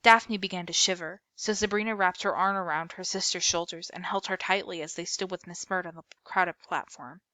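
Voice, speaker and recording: A woman reading a novel aloud as a storyteller, steady with small slips and self-corrections. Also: lowish voice, fairly quick, hardly any pauses, dry recording.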